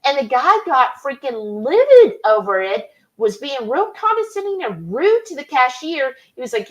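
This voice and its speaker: Chatty woman with lively high pitch. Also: moderate pace, few pauses, low-quality recording. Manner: chatty, rambling, reads chat comments aloud. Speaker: cooking channel host. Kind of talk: casual live-stream chat.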